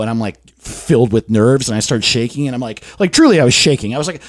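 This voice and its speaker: A man's voice: medium pitch, quick pace, no echo, clean studio sound. A young man hosting a comedy podcast, telling a story in a casual chat and acting out the voices in it. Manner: animated, acts out voices in his stories. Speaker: podcast host.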